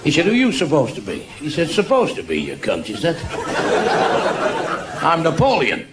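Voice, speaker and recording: A man's voice: a little high, wildly swooping pitch, measured pace, crowd noise. A man doing stand-up comedy, telling bawdy, profane jokes and acting out the characters' voices. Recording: noisy archive recording.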